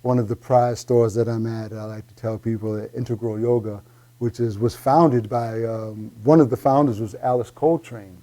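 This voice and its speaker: A male guest talks casually and in a relaxed way, with many pauses and fillers. His voice is very dark and mellow, and he trails off softly at the end of thoughts. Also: medium pitch. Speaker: guest, health-food shop owner. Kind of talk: casual chat.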